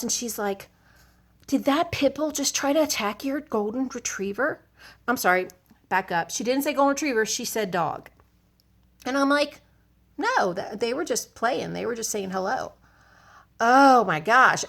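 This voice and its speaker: A woman talks straight to her phone camera in a loose, chatty vlog style. Her voice sits fairly high, and she rambles through an animated story with plenty of asides. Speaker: vlogger.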